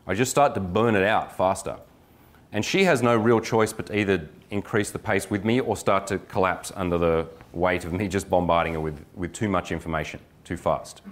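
Casting: energetic middle-aged male coach, joking, acts out examples, lowish voice. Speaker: dating coach. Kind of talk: live workshop lecture.

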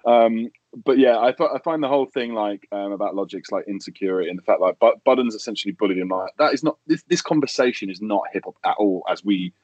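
A low-pitched man co-hosts a podcast in loose, casual chat. He swears freely and gets animated, laughing through his sentences. His voice sits close and dry, with no room around it. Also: fast talker, no echo, dull audio. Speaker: podcast co-host.

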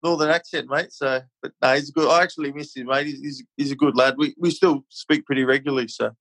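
A man's voice: mid-range voice, steady tone, fast, fairly bright tone, no room sound, poor audio. An Australian man chatting casually as a podcast guest, laid-back and easygoing. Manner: laid-back, says mate a lot. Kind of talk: casual chat.

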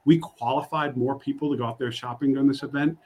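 A man from New York talking casually on a podcast, energetic, with many fillers and restarts. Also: medium pitch, quick pace. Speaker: program staff on podcast. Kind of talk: casual chat.

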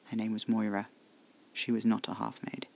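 A man's voice: fairly low pitch, monotone, moderate pace, creaky, a little mellow, a little hiss or hum. A man voicing a brooding, fiercely protective male vampire in an audio horror story, with clipped, intense speech. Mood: flat.

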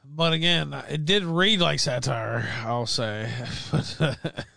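A man's voice: a little high, slow, creaky, no room sound, clean studio sound. Sarcastic, swearing male podcast host. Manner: profane, excitable, sarcastic. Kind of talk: casual live-stream commentary.

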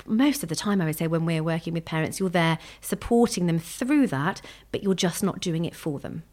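A woman's voice: lowish voice, normal speed, darkish tone. A woman sleep consultant and parent, explaining in a chatty, evidence-focused way in a podcast interview. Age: adult parent.

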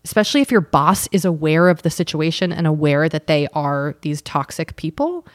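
A woman with a low voice co-hosts a casual advice podcast. She is empathetic and quick to joke. The recording is close and dry. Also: lively intonation, no room sound. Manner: warm, empathetic, joking. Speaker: podcast co-host.

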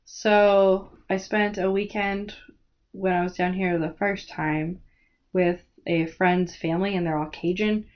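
A woman's voice: on the low side, little pitch movement, unhurried. A woman with an American accent, a guest on a podcast, chatting easily and agreeing often. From United States. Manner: easygoing, agreeable, chimes in briefly. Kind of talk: casual book-club chat. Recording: dull lo-fi podcast audio.

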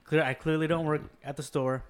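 Profane, animated man in casual chat. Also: on the high side, a little fast, smooth.

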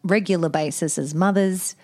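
A woman's voice: lowish voice, fairly even intonation, moderate pace, warm tone. A woman co-hosting a podcast in a casual chat, telling stories and laughing often. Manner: giggly, chatty storyteller. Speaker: podcast co-host.

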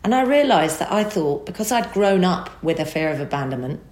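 A woman telling an emotional personal story as a guest, animated and acting out the dialogue. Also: on the low side, brisk, echoey room.

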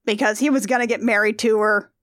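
A woman's voice: mid-range voice, quick pace, no echo, clean studio sound. A woman co-hosting a comedy podcast, retelling a story casually with sarcastic asides. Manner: sarcastic, animated, acts out characters in quotes. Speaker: podcast co-host.

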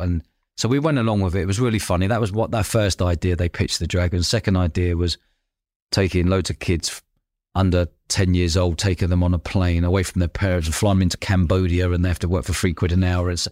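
A man, telling lively anecdotes in a casual podcast chat and acting out the voices of people he quotes. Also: low voice, quick pace, no room sound, studio quality. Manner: animated anecdotes, acts out quoted voices, laughs often. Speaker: podcast host.

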